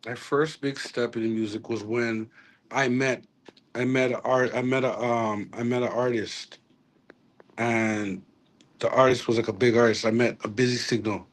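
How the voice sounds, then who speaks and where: A man's voice: mid-range voice, steady tone, normal speed. A man, a reggae artist talking casually in an interview, rambling with restarts and slang.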